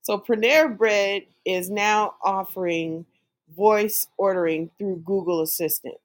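A woman co-hosting a casual chat, giving her opinions in a conversational way with halting restarts. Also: mid-range voice, steady tone. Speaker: podcast co-host.

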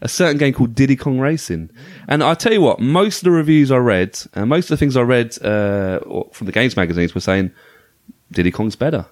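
A man talking casually and with enthusiasm about retro games. His pitch swings up and down a lot as he restarts his sentences. The sound is dry and close, with little room behind it. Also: expressive, a little fast, hardly any pauses, no room sound. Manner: enthusiastic, chatty, with frequent restarts. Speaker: podcast host.

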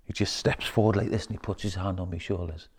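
A man telling a personal story in casual talk, swearing freely and dropping to a hushed whisper when quoting others. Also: low-pitched, fairly even intonation, quick pace, a little hiss or hum.

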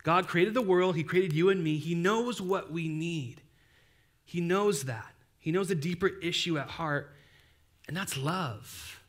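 A young adult man preaching a sermon as pastor, casual and animated, with playful asides. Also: fairly high pitch, measured pace.

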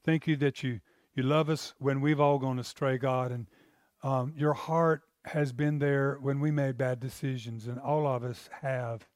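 A man's voice: mid-range voice, steady tone, measured pace, a little mellow, no room sound. Emphatic male pastor in a dry room. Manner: emphatic, exclamatory, conversational. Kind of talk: sermon.

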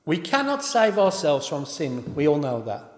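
A man's voice: on the high side, very animated, normal speed, darkish tone. A man preaching a sermon in an informal way, often stopping to correct himself and apologise. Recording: echoey hall with long reverb.

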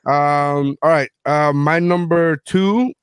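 A man's voice: on the high side, takes it slowly, clean tone, no room sound. A middle-aged man tells rambling, profane stories on a casual talk show. He sounds close to the microphone in a dead, dry room. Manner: profane storytelling, animated. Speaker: podcast host. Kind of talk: casual chat.

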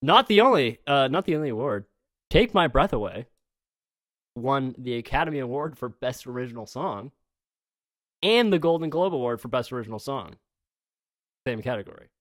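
A man's voice: mid-range voice, lively intonation, normal speed, pauses often, a bit bright, no room sound, studio quality. A man co-hosting a podcast in casual chat, rambling and swearing now and then, laughing often. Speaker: podcast co-host.

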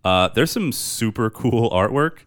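In an unhurried, medium-pitched voice with lively intonation, a man co-hosts a podcast and chats about movies. The casual review talk is enthusiastic, loose, profane and full of fillers.

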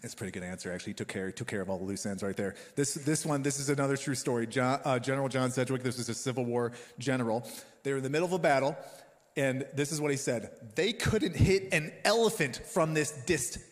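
A man's voice: mid-range voice, fast talker. A man preaching a sermon as a pastor, in a casual, joking, conversational way. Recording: long hall reverb.

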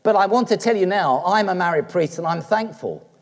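A man's voice: high-pitched, expressive, brisk, vocal fry. A middle-aged Australian-born man, a priest, preaching a sermon in a chatty, joking way to his congregation. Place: church. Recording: long church reverb.

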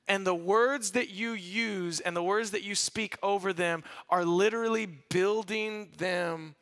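Male pastor, lively sermon, high voice, acts out quotes, rhetorical questions. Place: church in front of a live congregation.

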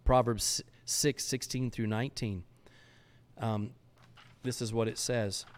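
A man's voice: medium pitch, fairly even intonation, slow. Fervent male podcast preacher. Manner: emphatic, fervent. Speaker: podcast host. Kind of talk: preaching monologue.

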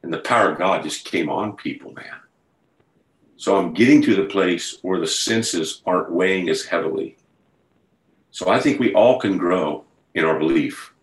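A man's voice: low-pitched, moderate pace, roomy sound, poor audio. A man preaching a sermon over a video call, conversational at first and building to a fervent retelling. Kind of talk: sermon to an online group.

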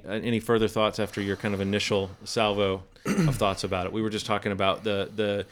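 A man's voice: on the low side, fairly quick, hardly any pauses, a little hiss or hum. A man hosting a podcast, talking casually and joking about a lost recording. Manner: relaxed, rambling, joking. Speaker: podcast host. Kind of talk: casual chat.

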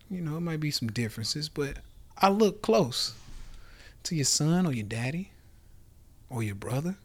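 A man in his thirties, hosting a live motivational rant from home on a phone, brash and profane, calling out to his audience and sometimes dropping to a whisper. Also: on the high side. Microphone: phone on a live stream.

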